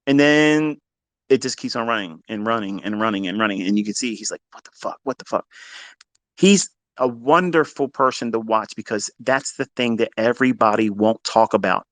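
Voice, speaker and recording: A man giving a blunt, profane trading lecture, hammering points with repetition and swinging between loud bursts and low asides. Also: brisk, no echo. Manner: blunt, heavy swearing, emphatic repetition. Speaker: trading educator.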